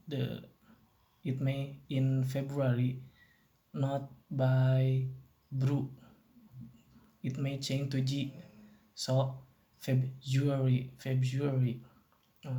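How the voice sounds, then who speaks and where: A man's voice: mid-range voice, mellow. A young man with an Indonesian accent giving an amateur class presentation, hesitant, correcting himself and repeating words. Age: young adult. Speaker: student presenter.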